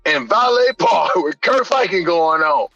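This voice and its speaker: A man, a strength coach who is a guest on a podcast, speaking passionately and emphatically, often rising almost to a shout. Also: sits high, animated, unhurried, no room sound, dull audio, faint music behind. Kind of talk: candid podcast conversation.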